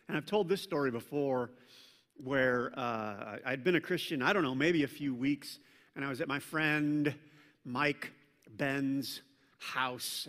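A middle-aged man preaching a sermon as a pastor, telling stories in a playful, animated way and now and then barking out loud mock commands. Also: medium pitch. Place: church sanctuary. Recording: long reverb from a large church hall.

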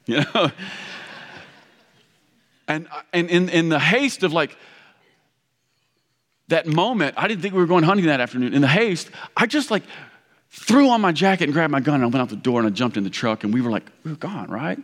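A man from Kentucky preaching a sermon, telling a story in an animated, rambling, self-mocking way with many restarts. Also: on the high side, moderate pace, long pauses. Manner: loud. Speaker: pastor. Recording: reverberant hall.

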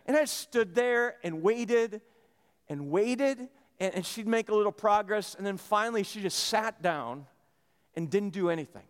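A man preaching a sermon in a church, telling a story in a lively way with many restarts. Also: high-pitched, unhurried, clear, resonant tone, in a large hall. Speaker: pastor.

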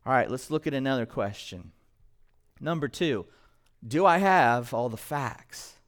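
A male pastor preaching a sermon to a congregation, animated and quizzing the listeners with questions. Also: medium pitch, a little slow. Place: church, in front of a congregation.

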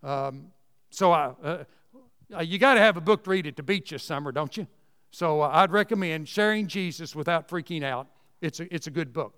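A man's voice: on the high side, normal speed, a bit bright, smooth, in a large hall. A man preaching a sermon in a church, folksy and emphatic, repeating key phrases for emphasis.

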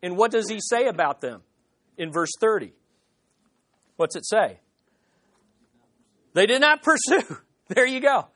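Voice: medium pitch, expressive, unhurried, pauses often, fairly bright tone. A pastor preaching an expository sermon, emphatic, with rhetorical questions and short laughs.

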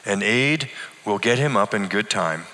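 A man's voice: lowish voice, expressive, measured pace, bright, forceful tone, long reverb tail. A man voicing a female hospital nurse who firmly and curtly refuses requests. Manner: clipped, firm, dismissive refusals. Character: curt rule-bound female hospital nurse.

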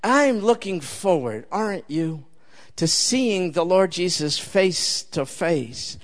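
A man's voice: high voice, lively intonation, takes it slowly. An older man preaching a sermon, emphatic and conversational, often turning to the listeners with direct questions.

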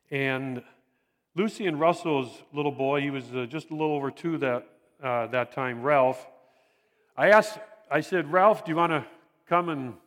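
An older man preaching a sermon in an earnest, halting way, often repeating phrases for emphasis. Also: mid-range voice, fairly bright tone. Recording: long reverb of a large hall.

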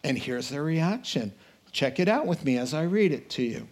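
A man preaching a sermon in an animated way, acting out the voices of a crowd and rising into excited bursts. His voice sits a little high for a man. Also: normal speed.

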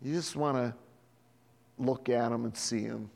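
A man's voice: medium pitch, unhurried, gravelly. A man preaching a sermon as pastor, telling stories and acting out the voices of people in them. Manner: animated storytelling, acting out voices in quotes. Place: church hall. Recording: long hall reverb.

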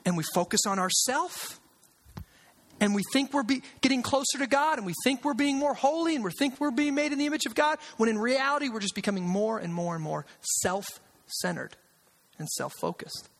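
Preaching as a pastor, this man speaks briskly in a very high-pitched voice with a fairly bright tone and lively intonation. His delivery is conversational and emphatic, leaning on sarcasm and repetition to drive points home, all under long hall reverb.

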